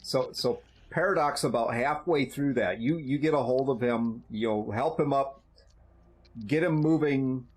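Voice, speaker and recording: Husky-voiced man running a tabletop game. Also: mid-range voice. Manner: halting, conversational narration with many restarts. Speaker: game master. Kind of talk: narrating a tabletop role-playing game.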